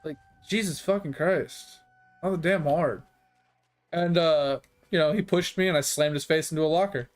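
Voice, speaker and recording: A young adult man who streams games, telling profane, animated stories in casual chat. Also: fairly high pitch, normal speed, faint music behind. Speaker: gaming streamer. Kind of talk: casual storytelling.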